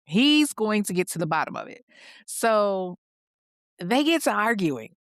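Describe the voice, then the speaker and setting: A woman's voice: mid-range voice, very animated, a little slow, dry recording, clean studio sound. A woman hosting a podcast, telling a true crime story in a casual, slangy way with chatty asides.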